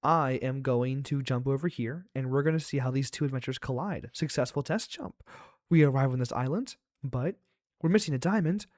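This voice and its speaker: A man playing a game aloud, reading it out with playful chatter, gasps and quick reactions. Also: mid-range voice, darkish tone, no room sound, studio quality. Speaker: let's play host.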